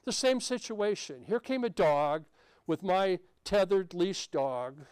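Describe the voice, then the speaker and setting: A man's voice: sits high, very animated, slow pace, darkish tone, clean tone, no room sound. A male pastor telling a personal story during a sermon in a conversational, anecdotal way. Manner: anecdotal, conversational with frequent restarts. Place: church sanctuary.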